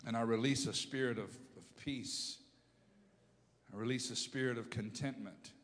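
A man preaching a sermon as pastor of his church, impassioned, moving between loud calls and low, quiet storytelling. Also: steady tone, normal speed. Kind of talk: sermon with prayer. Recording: long hall reverb.

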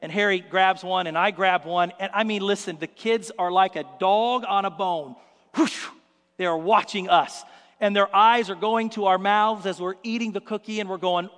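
A man preaching a sermon as pastor, telling stories in an animated way and acting out the scenes. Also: high-pitched, normal speed, long reverb tail.

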